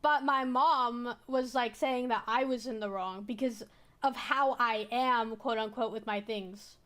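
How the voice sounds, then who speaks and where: High-voiced young woman rambling a story. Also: a little slow, pushed and bright. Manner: rambling, many fillers and restarts. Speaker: VTuber streamer. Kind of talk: casual storytelling stream.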